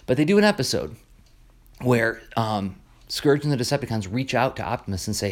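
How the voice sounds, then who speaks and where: A man hosting a podcast, telling an episode's story in a casual, animated way with many fillers and restarts. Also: mid-range voice, brisk. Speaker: podcast host. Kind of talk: casual commentary on a cartoon episode.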